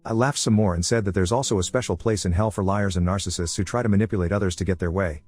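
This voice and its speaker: A man reads a first-person story at a rapid clip. His voice sits on the low side and sounds slightly husky, and his telling is blunt and salty. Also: a little mellow. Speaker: story narrator.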